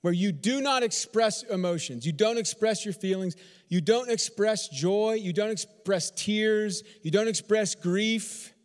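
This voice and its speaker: A man with a high voice preaches from Texas-born conviction, stacking repeated phrases and rhetorical questions. His sermon rings out with a long reverb, as if in a large sanctuary. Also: a little slow. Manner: repetitive, emphatic rhetorical questions. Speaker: pastor.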